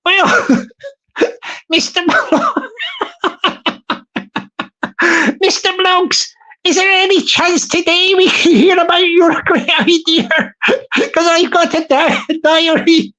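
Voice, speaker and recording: A man voicing a busy, high-up Irish council woman with a chirpy, giggly, sing-song manner and an Irish accent. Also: steady tone, slow pace, pauses often, bright, forceful tone, exaggerated voice. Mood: impatient.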